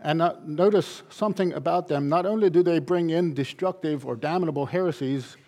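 A man's voice: fairly high pitch, normal speed, few pauses, a little mellow. A man pastor delivering a sermon, driving points home with emphatic, repeated phrases. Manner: emphatic, repetitive preaching cadence.

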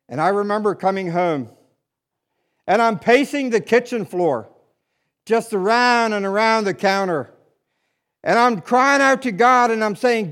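Man, high voice, pastor preaching, loud appeals and quiet asides, repetitive cadence. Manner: swings between loud urgent appeals and hushed low asides. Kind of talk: sermon.

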